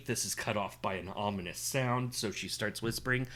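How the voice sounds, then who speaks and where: Bright-voiced man summarizing a film. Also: lowish voice, normal speed, slight background noise. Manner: steady play-by-play summary, light fillers. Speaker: podcast co-host. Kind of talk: casual chat recapping a film.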